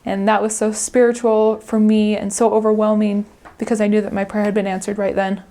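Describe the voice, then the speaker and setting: A young woman talks about her time as a missionary in an interview. Her voice sits at an everyday middle pitch, and her delivery is earnest but casual. She laughs often as she speaks. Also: flat delivery, brisk, warm tone. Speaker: returned missionary. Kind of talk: interview reflection.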